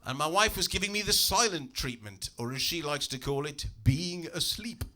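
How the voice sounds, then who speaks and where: A man performing a stand-up comedy routine in a club, animated and acting out voices. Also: moderate pace. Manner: animated, acts out voices with big pitch jumps. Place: comedy club stage with audience.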